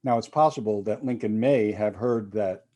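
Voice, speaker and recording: A man's voice: on the low side, normal speed, warm tone. A male minister giving a reflective sermon, with quoted readings and casual asides.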